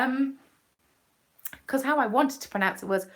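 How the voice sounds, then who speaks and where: A young woman from England hosts a casual, playful chat as a crafting vlogger, frequently muttering asides under her breath. Her voice is on the high side with lively intonation, and she speaks unhurriedly with frequent pauses.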